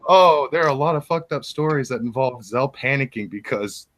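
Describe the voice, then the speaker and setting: A man's voice: mid-range voice, a bit bright. A man hosting a stream, telling crude stories in casual chat and laughing often. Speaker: stream host.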